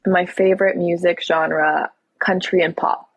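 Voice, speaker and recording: Breathy low-voiced woman chatting on a live stream. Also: unhurried, no echo, rough recording. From Toronto, Canada. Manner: relaxed, reads out viewer questions and answers them candidly. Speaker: livestream host. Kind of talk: casual live-stream chat answering viewer comments.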